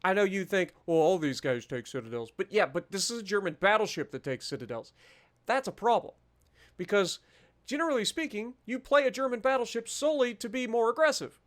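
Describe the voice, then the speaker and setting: High-voiced chatty man hosting a gaming channel. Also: animated, fairly quick, a bit bright. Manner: chatty, self-deprecating, many fillers and restarts. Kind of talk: casual gameplay commentary.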